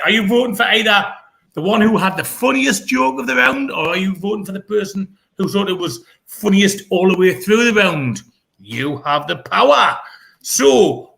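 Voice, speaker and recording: His voice high and bouncing, a British man hosts a comedy pun contest. The tone is bright and gravelly, and he laughs playfully while stretching his words out.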